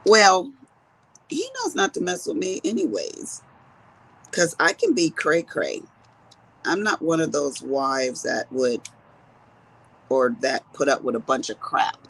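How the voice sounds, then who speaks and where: A woman in her fifties who chats to her viewers while crafting. She tells stories in a low voice. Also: very animated, slow pace, long pauses, fairly bright tone, breathy edge, low-quality recording. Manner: chatty storyteller talking to viewers as she works. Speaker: crafting vlogger. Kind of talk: casual chat while crafting.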